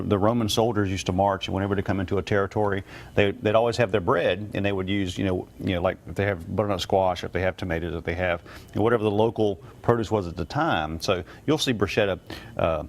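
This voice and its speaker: A man's voice: fairly low pitch, slight background noise. A man, a guest chef, demonstrating a recipe on a morning TV show in a studio kitchen, talking in a rambling way with many fillers and restarts.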